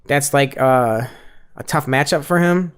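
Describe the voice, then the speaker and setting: A man's voice: a little high, measured pace, clean tone. A young man co-hosting a podcast, chatting casually and profanely about fights with lots of fillers. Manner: rambling, profane fight breakdown with many fillers. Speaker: podcast co-host. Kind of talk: casual chat.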